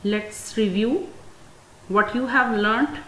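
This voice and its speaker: Very slow-speaking woman teacher. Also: fairly high pitch, pushed and bright. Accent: Pakistani English. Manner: very slow and deliberate, stressing example words. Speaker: English teacher. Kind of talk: classroom lecture. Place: school classroom. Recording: echoey room, faint ambient noise.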